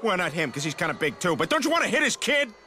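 A man voicing a dim, boisterous middle-aged cartoon dad who talks in a loud, goofy, excitable way. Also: high voice, quick pace, heavy background noise. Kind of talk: cartoon voice acting.

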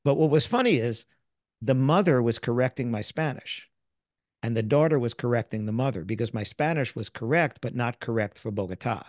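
An American man, middle-aged, speaking as an interview guest and sales author, telling lively stories and acting out the people he quotes. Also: medium pitch, a little fast, no echo, studio quality. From United States. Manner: animated storyteller who acts out quoted people. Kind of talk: casual interview storytelling.

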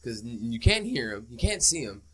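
A man's voice: mid-range voice, big pitch swings, bright, forceful tone, husky. A man co-hosting a casual movie review podcast, riffing with lots of swearing. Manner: fast, profane, riffing banter. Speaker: podcast co-host.

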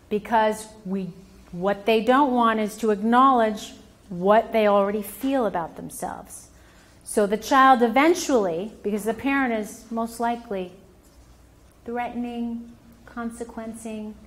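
A woman family therapist teaches a room of parents in a lively workshop talk. Her voice sits fairly high, and she slips into little acted-out voices to make her points. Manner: animated, acts out parent and child voices.

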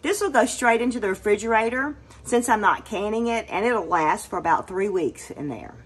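A woman's voice: medium pitch, expressive, moderate pace. A woman chatting through a home canning demonstration in her kitchen, explaining each step as she works. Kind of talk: casual cooking demonstration.

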